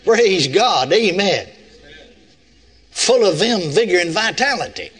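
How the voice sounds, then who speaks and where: An older man delivers a sermon in a high voice that rises and falls a great deal. He keeps it folksy and conversational, often asking the congregation rhetorical questions. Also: lively intonation, takes it slowly, fairly bright tone. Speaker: preacher.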